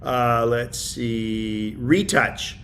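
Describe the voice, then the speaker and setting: A man teaching a relaxed tech class over a video call, with a middling voice that wanders through fillers and restarts. A faint low rumble sits under his speech. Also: drawn-out words. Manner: rambling, lots of fillers and restarts. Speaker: class presenter.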